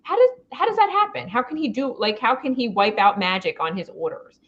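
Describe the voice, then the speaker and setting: Lively puzzled woman, lo-fi sound. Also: on the high side, brisk. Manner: questioning, puzzled tone. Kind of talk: casual live book chat.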